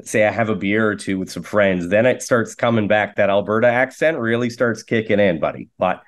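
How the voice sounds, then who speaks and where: Canadian guy in his 40s telling rambly self-deprecating jokes, lowish voice. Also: a little fast. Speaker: guest, actor and comedian. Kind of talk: casual interview chat.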